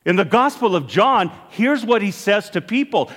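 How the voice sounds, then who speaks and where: A man's voice: high voice, sing-song, moderate pace, hardly any pauses, a bit bright, long reverb tail. A man preaching a sermon as a priest, earnest and emphatic, his voice rising and falling as he makes each point. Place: church.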